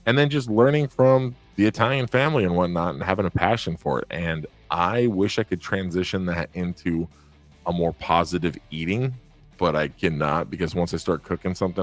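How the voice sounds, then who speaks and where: Deep-voiced man chatting casually with viewers. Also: a little fast, soft background music. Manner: rambling, candid, swears, talks straight to viewers. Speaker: podcast host reading live chat. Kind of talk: casual live-stream chat.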